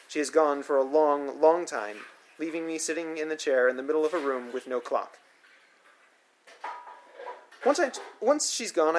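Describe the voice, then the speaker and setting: A man's voice: on the high side, a little hiss or hum. Dry, wry male memoir narrator. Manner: dry, wry, matter-of-fact storytelling. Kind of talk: first-person memoir narration.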